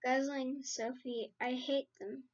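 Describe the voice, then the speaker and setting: A woman reading the part of a big, gentle male giant who talks in slow, muddled grammar and made-up words. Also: sits high, fairly even intonation. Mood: gloomy. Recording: slightly dull lo-fi sound.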